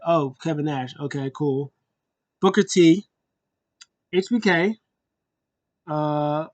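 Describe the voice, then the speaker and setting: A man giving a casual, rambling show review, breaking into exaggerated high-pitched reaction voices. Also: no echo. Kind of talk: casual recap and opinion.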